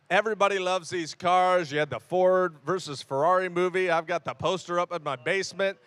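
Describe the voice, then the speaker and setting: High, smooth-voiced male auctioneer calling bids. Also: fairly bright tone, no room sound. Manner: rapid repetitive chant with asides.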